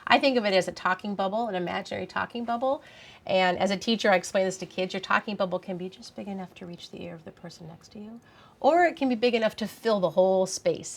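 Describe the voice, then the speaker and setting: A woman's voice: medium pitch, fairly bright tone. A woman who teaches, moderating a panel and asking the other speakers questions. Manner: guides the talk with questions. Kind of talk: panel discussion.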